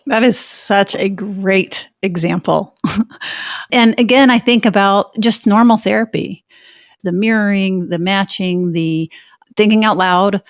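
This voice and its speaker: A woman co-hosting a podcast, appreciative and quick to laugh. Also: mid-range voice, steady tone, no echo, studio quality. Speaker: podcast co-host. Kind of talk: casual conversation.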